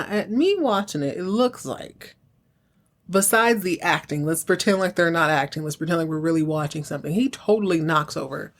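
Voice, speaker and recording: A woman hosting a podcast, casually recapping a TV episode with wry asides and acting out the characters' lines. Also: lowish voice. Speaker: podcast host.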